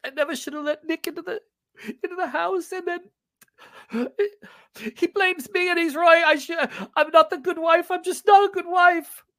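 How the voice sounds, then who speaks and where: A man's voice: fairly even intonation, normal speed, sharp tone, exaggerated voice. Man putting on a sobbing young woman. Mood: tearful. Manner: high, sobbing, broken apology. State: crying. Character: tearful young woman, ashamed, self-blaming.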